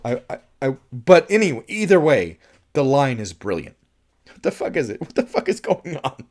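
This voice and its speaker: Chatty man musing about a movie. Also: medium pitch. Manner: chatty and musing, with restarts and laughs, acting out quoted lines. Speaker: film reviewer. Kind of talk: casual movie review monologue.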